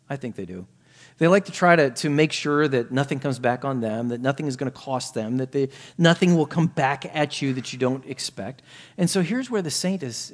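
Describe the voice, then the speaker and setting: A man preaching a sermon, earnest, swinging from quiet asides to emphatic raised points. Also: on the high side.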